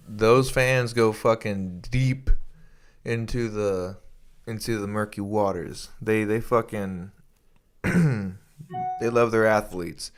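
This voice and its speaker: Young male podcast co-host with a lowish voice, loose rambling delivery, curses a lot, restarts often. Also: smooth. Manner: rambling, swears freely, many restarts. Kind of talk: casual chat.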